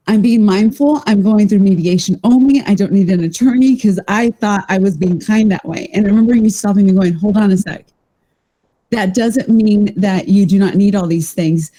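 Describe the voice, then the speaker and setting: Woman host, effusive and rambling, mellow timbre. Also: medium pitch, husky, rough recording. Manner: effusive, rambling, warmly enthusiastic. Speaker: podcast host. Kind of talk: casual interview chat.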